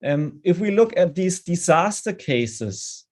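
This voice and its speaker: A man presenting a dental implant lecture in a webinar, then answering questions, measured and often restarting his words. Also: sits high, animated. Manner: measured, with frequent restarts and hesitations.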